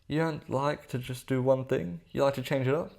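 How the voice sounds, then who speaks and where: A man's voice: mid-range voice, steady tone, normal speed, gravelly, a little mellow. A man giving casual reaction commentary, sarcastic and profane, calling his viewers bro.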